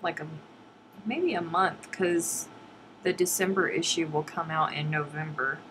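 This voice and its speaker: Middle-aged lady chatting on a live stream, slow and easygoing, reads comments out all playful, bit of faint noise behind. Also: low voice, low-quality recording. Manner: reads viewer comments aloud, playful and expressive. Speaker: livestream host. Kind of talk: casual live-stream chat.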